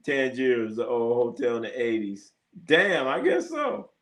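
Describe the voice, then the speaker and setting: A man's voice: medium pitch, huge pitch swings, unhurried, fairly bright tone. A man hosting a live sports stream, chatting casually and telling profane stories, laughing often and acting out the voices of people he quotes. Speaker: live sports show host.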